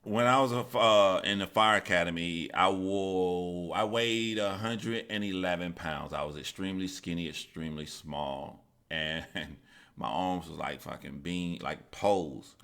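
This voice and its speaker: A man's voice: low-pitched, steady tone, unhurried, fairly bright tone. A man hosting a live stream, telling stories in a casual, profane, rambling way and reading out viewer chat.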